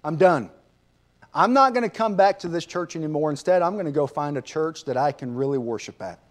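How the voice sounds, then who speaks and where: A man's voice: a little high, expressive, a little fast, natural voice. A man voicing a fed-up churchgoing woman who lists her complaints in an exasperated way.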